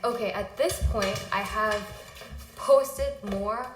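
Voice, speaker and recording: A woman's voice: medium pitch, slow. Sick, rambling woman streamer in echoey room. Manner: rambling, apologetic, easily sidetracked. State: sick and out of breath. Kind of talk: casual livestream chat. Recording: echoey room, faint music behind.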